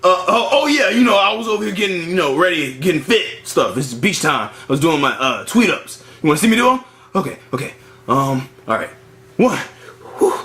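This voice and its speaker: A man voicing a brash, excitable, lecherous male bird in a puppet comedy, crooning and easily flustered. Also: fairly high pitch, brisk.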